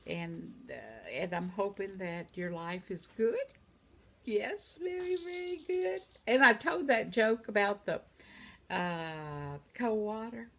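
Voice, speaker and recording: Woman, 70s, vlogger. Slow, gravelly, chatty, laughs a lot. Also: on the low side, slight background noise. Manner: chatty, laughs often, reads comments aloud. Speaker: vlogger reading viewer comments. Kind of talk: casual chat. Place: home.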